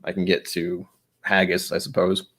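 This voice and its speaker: A man's voice: sits low, little pitch movement, normal speed, background noise. An American man hosting a casual whisky-tasting livestream from home, rambling and self-deprecating as he sets up and talks to himself. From United States. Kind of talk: casual solo livestream chat. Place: home room, seated at a desk with glasses.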